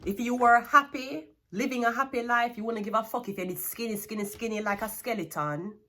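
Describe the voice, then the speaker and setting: A woman's voice: medium pitch, fast, fairly bright tone. A Jamaican woman giving a tarot reading, blunt and scolding, with plenty of swearing. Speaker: tarot card reader.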